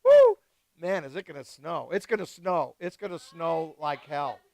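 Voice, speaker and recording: A man hosting a live wine tasting, chatting casually and excitedly with guests and swearing freely. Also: fairly high pitch, moderate pace, creaky. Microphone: live stream mic.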